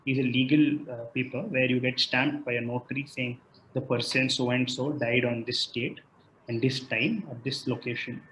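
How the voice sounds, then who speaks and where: A man's voice: medium pitch, fairly bright tone, reverberant, slight background noise. Man explaining rights over a muffled video call. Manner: hesitant, many restarts and fillers. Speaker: legal expert guest. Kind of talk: explaining legal rights in a live online Q&A.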